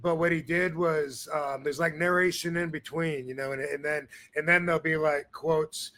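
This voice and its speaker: A man's voice: fairly high pitch, fairly even intonation, normal speed, sharp tone. A man hosting a podcast in casual chat, rambling with many fillers and restarts. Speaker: podcast host.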